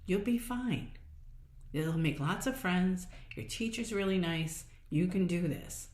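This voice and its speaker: A woman's voice: on the low side, unhurried, echoey room. A woman hosting a solo podcast, talking in a casual, encouraging way and acting out little inner voices as she goes. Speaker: podcast host. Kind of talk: motivational solo podcast talk.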